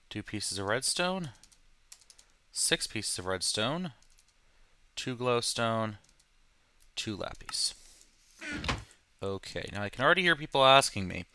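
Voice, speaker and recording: Lowish bright-voiced guy chatting through his game, cracking dry jokes at himself. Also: lively intonation, unhurried, pauses often. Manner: joking, self-deprecating asides. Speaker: let's play host. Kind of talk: casual gameplay commentary.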